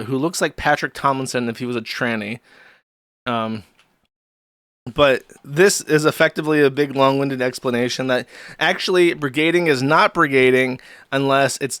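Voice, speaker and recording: A man hosting a loose commentary stream in a crude, sarcastic and rambling way. His voice sits at an ordinary middle pitch and sounds dry and close to the mic, with no room sound. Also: a bit bright, clean tone, no room sound. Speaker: streamer host.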